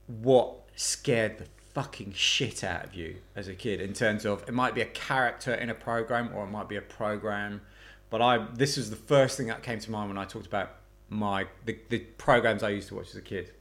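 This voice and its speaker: A man's voice: fairly low pitch, normal speed. A man co-hosting a podcast in casual, profane chat, telling stories with animation. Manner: swears freely, animated storytelling. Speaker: podcast co-host.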